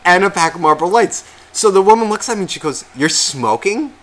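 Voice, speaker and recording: A man's voice: high voice, animated, a little fast, fairly bright tone. A man who is sick, telling a long profane, self-mocking story on a podcast and acting out what people said. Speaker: podcast co-host. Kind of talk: casual storytelling chat.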